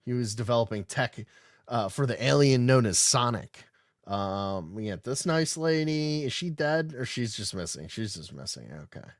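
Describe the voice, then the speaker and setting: A man's voice: medium pitch, lively intonation, moderate pace, no echo, clean studio sound. A man hosting a podcast, reading news articles aloud and riffing on them in an irreverent, swearing, casual way. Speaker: podcast host. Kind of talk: casual livestream commentary.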